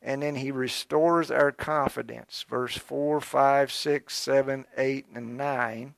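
A man's voice: mid-range voice, fairly even intonation, slow pace, vocal fry, no echo, clean studio sound. A male pastor preaching a sermon, fervent and exhorting, speaking directly to his congregation. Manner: fervent, exhorting, urgent early and quieter and reflective later.

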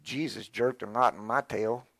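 A man's voice: mid-range voice, normal speed, vocal fry, no echo. Folksy older man preaching a sermon. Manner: folksy, animated preaching with call-and-response. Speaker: pastor.

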